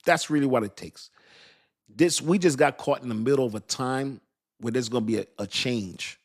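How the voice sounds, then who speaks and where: Man, middle-aged, mid-pitched voice, casual chat host, repeats words for emphasis, laughs a lot. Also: moderate pace. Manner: animated, repetitive, laughs at his own lines. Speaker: crypto channel host. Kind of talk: casual livestream talk, reading chat.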